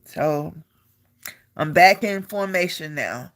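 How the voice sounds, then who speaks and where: A middle-aged woman with a bright, tense voice tells an army story in an animated, casual way. She repeats words and phrases as she goes and laughs as she talks, the way someone does when talking to the camera. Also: on the low side, unhurried. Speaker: army veteran telling a story.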